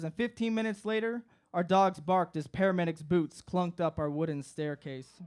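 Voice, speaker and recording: A man's voice: sits high, normal speed, darkish tone, smooth. A young man performing a comic personal story live on stage, acting out his friends' voices. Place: live stage before an audience.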